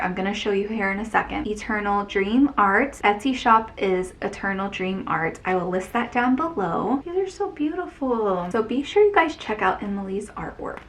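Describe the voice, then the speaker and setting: A woman's voice: mid-range voice, a bit bright. A woman vlogger opening fan mail at home, chatting casually and reading letters aloud, gushing and exclaiming often.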